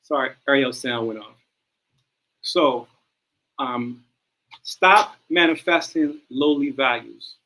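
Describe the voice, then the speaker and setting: A man hosting a livestream, reading out phrases and commenting on them in an animated way, often repeating lines as he reads. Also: mid-range voice, takes it slowly, long pauses, low-quality recording. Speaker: livestream host.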